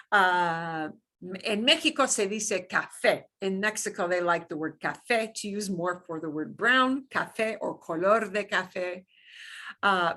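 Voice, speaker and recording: Woman language teacher, bright tone, patient repeat-after-me drills. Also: mid-range voice. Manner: demonstrates sounds by slow repetition, playful. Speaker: Spanish teacher. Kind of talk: beginner language lesson.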